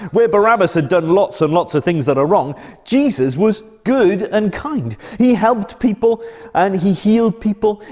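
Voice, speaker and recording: A man presenting a children's church club, telling a Bible story gently and expressively. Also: sits high, in a large hall.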